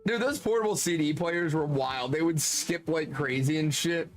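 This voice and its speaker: A man streaming, telling casual anecdotes in an animated way, laughing often and swearing freely. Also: a little high, moderate pace, soft background music. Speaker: streamer reading chat.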